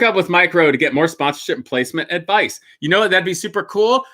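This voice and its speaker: A man with a bright, forceful voice, pitched a little high, hosts a casual live stream and answers viewer questions. He talks bluntly and jokes a lot, laughs often, and drops from loud bursts into muttered asides. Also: expressive, fast talker, hardly any pauses.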